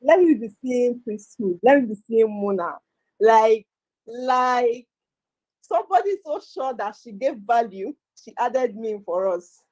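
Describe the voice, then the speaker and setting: A woman's voice: fairly high pitch, lively intonation, a little slow, a little mellow, dry recording, poor audio. A Nigerian woman co-hosting an online webinar, hyping up speakers with energy and teasing, slipping into Pidgin. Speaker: webinar co-host. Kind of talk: lively casual chat with Pidgin.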